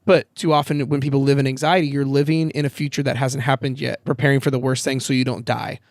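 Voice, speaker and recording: A man chatting as a podcast guest outdoors, telling lively stories, acting out quoted lines and swearing casually. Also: mid-range voice, fast talker, dry recording. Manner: animated storyteller, acts out quoted voices, swears casually. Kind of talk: casual chat. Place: outdoor backyard.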